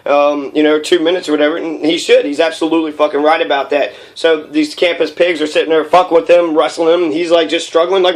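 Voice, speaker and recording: A man's voice: a little high, little pitch movement, fast talker, hardly any pauses. A young man delivering a heated, profane political rant, rambling with many fillers.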